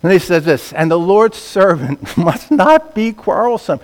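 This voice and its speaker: High-voiced preacher in a reverberant hall. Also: male voice, measured pace, few pauses. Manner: animated preaching, swinging from quiet to loud emphatic. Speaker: pastor. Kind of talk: sermon. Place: church sanctuary. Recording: long reverb of a large hall.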